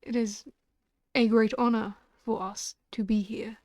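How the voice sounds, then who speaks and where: A woman's voice: on the high side, little pitch movement, unhurried, a little mellow, slight background noise, lightly acted. A woman voicing a formal male manager and interpreter with a wavering put-on foreign accent, reading game dialogue aloud.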